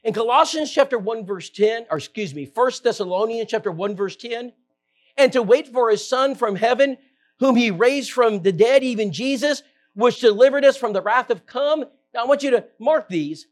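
Preacher guy going verse by verse, earnest, slows right down on the scripture bits, gets louder when he's making a point. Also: expressive. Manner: earnest, reads scripture aloud in slow, stressed phrases; rises in pitch and volume for emphasis. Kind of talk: Bible-teaching sermon.

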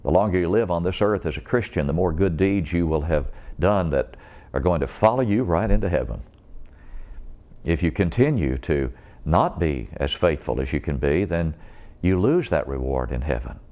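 A man with a deep, low, darkish voice preaches an evangelistic sermon in an animated way. He is earnest and deliberate, pressing his audience with searching questions.

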